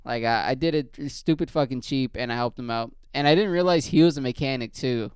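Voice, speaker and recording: A man rambling through a story full of swearing, in a low-key, casual way. His voice is very clear and smooth, with a mid-range pitch. The sound is dry and close. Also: brisk, darkish tone, dry recording. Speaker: podcast host.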